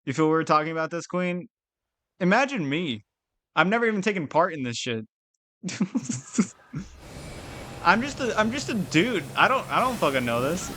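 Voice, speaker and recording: Animated young man streaming a game. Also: a little high, normal speed, long pauses, faint music behind. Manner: loud, swearing, frustrated outbursts and laughing. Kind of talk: casual gaming stream chat.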